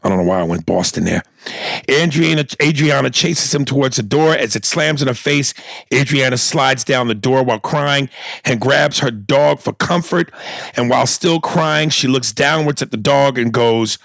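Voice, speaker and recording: Gravelly-voiced blunt male podcast host. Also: mid-range voice, moderate pace, fairly bright tone, dry recording. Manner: profane, blunt, reads aloud with acted bits. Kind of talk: casual podcast chat, reading listener emails.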